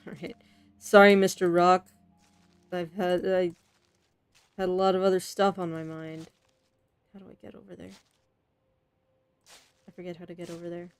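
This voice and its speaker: A woman's voice: fairly low pitch, little pitch movement, normal speed, pauses often, clean tone, dry recording. A woman streamer playing a game, talking to herself in a chatty, casual way and laughing often.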